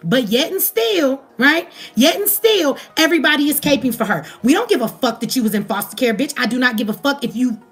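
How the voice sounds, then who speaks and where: High-voiced woman with an African American English accent, fired-up profane vlog rant, faint music behind. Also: lively intonation, a little fast, hardly any pauses, breathy edge. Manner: profane, heated, calls out her audience. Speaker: commentary vlogger. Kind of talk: ranting commentary.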